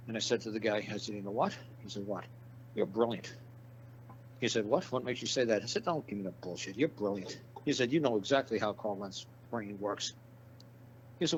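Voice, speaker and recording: A man's voice: medium pitch, brisk. A man telling a long story in a casual interview, rambling and swearing, acting out the lines of the people he quotes. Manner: rambling, profane, acts out quoted dialogue. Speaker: interview guest. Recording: dull lo-fi audio with faint hum.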